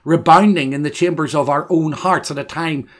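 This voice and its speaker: A man with a fairly high voice preaches a solemn sermon on grief. He reads scripture passages slowly and deliberately. At the laments his voice swells loud and high. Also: fairly even intonation.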